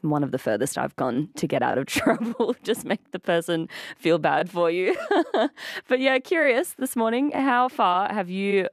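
A woman's voice: fairly low pitch, normal speed, no room sound, studio quality. Playful Australian woman on breakfast radio. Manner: chatty and playful, with lively laughs. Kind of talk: casual radio chat. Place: radio studio. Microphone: studio microphone.

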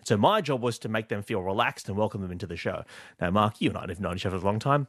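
Animated Australian comedian telling stories. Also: male voice, fairly low pitch, fast, no echo, clean studio sound. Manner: animated, laughing anecdotes with quoted voices. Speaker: stand-up comedian and TV host. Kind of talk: storytelling interview guest.

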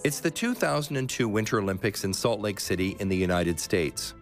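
Deep-voiced, lively radio documentary narrator. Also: male voice, fairly quick, over music. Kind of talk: scripted documentary narration with interview questions.

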